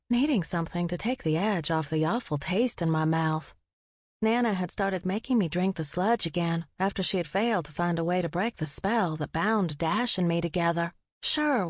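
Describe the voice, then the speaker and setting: A woman's voice: on the low side, dry recording, clean studio sound. A woman audiobook narrator reading a first-person story in a wry, conversational way.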